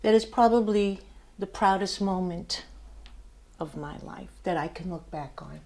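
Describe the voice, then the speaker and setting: A woman's voice: on the low side, measured pace, a little mellow. An older woman giving a motivational speech to her class, telling a story with emphasis and laughing at herself. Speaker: student speaker.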